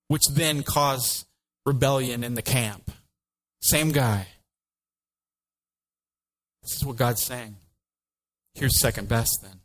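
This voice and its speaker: A man preaching a sermon as pastor, lively and joking, acting out voices of biblical figures. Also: medium pitch, takes it slowly, pauses often, poor audio.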